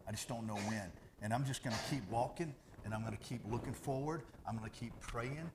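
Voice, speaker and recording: A man preaching a sermon as pastor, animated and conversational, jumping from loud bursts to hushed asides. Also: mid-range voice, brisk, background noise.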